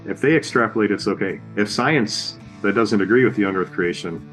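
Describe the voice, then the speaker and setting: A man's voice: fairly low pitch, a little fast, a bit bright, faint music behind. A man co-hosting a podcast, talking earnestly and conversationally, laying out his points one by one. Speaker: podcast co-host. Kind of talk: casual chat.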